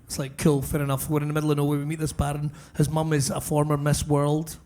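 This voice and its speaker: A Scottish man co-hosting a live podcast, telling a comic story in front of a crowd, animated and swearing freely. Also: a little high, quick pace, slight background noise. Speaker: podcast co-host. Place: brewery event space with live audience.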